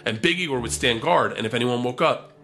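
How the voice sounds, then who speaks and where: A man telling a comedic story in an animated, profane rush, acting out every quote. His voice is bright and forceful at a mid pitch, and faint music sits behind him. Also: brisk.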